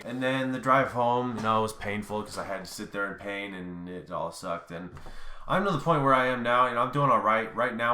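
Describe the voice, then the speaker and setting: A man's voice: lowish voice, pushed and bright, echoey room, a little hiss or hum. A young man telling a story in a casual vlog, rambling and loose, with lots of fillers. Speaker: vlogger.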